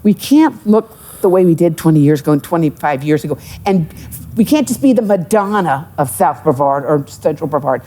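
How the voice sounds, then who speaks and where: A middle-aged woman with a low voice speaks fairly quickly as a guest on a live podcast with an audience. An economic development executive, she's an animated storyteller who fills her tales with asides and jokes.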